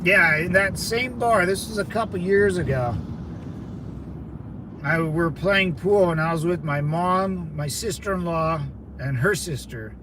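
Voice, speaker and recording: Brief: laid-back male streamer, high voice, rambling anecdotes, noisy street behind him. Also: a little slow. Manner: laid-back, rambling, calls listeners brother. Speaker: livestream host. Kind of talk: casual storytelling to chat.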